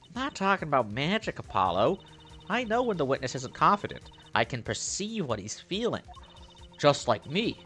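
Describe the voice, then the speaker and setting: A man's voice: on the high side, sing-song, normal speed, a bit bright, faint music behind. A man voicing a cheerful teenage girl stage magician, earnest and upbeat, reading game dialogue.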